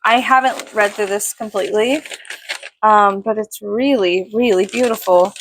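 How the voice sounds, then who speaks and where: A woman's voice: medium pitch, a little slow, a little hiss or hum. A woman vlogger chatting casually through an unboxing, giggly, rambling and poking fun at herself. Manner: giggly, rambling and self-mocking. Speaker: vlogger reviewing a perfume package.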